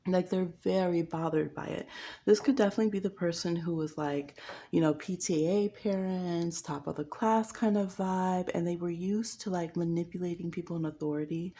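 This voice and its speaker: A woman with a low, gravelly, mellow voice gives a casual pick-a-card tarot reading. She is chatty and teasing, laughs often and slips into mocking quoted voices. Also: steady tone, normal speed. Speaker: tarot reader.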